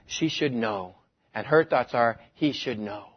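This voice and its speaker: A man's voice: medium pitch, measured pace, husky. A man from West Texas preaching a sermon, telling a story about his own marriage with self-mocking humor. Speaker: pastor. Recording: dull lo-fi recording.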